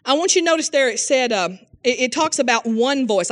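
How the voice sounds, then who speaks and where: A woman with a slightly high voice preaches a fervent sermon. Her phrasing is homespun and folksy, with frequent cries of hallelujah and amen, and she asks her listeners questions directly, sometimes calling on them by name. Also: animated, moderate pace, few pauses. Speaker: Bible teacher.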